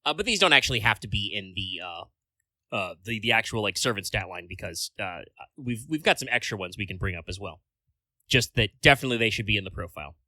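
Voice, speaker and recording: Rambling man with a sharp, forceful voice. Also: on the low side, lively intonation, a little fast, no echo. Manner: rambling, full of filler words and casual swearing. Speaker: podcast co-host. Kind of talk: casual podcast chat.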